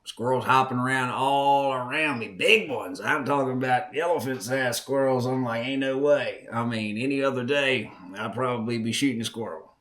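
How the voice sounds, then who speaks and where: A man's voice: mid-range voice, fairly bright tone. A man, hosting a podcast and telling a personal story in a folksy, emphatic way, repeating lines for effect. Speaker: podcast host.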